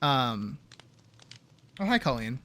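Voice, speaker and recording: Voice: medium pitch, very animated, takes it slowly, fairly bright tone. A streamer chatting with viewers in a rambling, profane way, breaking off mid-sentence and laughing often. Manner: rambling, profane, self-interrupting. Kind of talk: casual chat with viewers. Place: home streaming setup.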